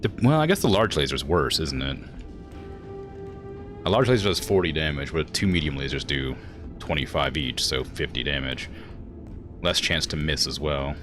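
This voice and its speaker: A young man streams a video game, chatting casually, thinking out loud and chuckling as he plays. His voice rumbles low yet sounds animated, at a moderate pace with frequent pauses, and music plays underneath.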